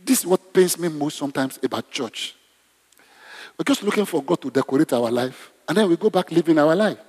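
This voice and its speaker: A man's voice: a little high, animated, fairly quick, darkish tone, slightly rough. A man preaching a conversational sermon in a church, often asking the congregation questions. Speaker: pastor. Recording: long hall reverb.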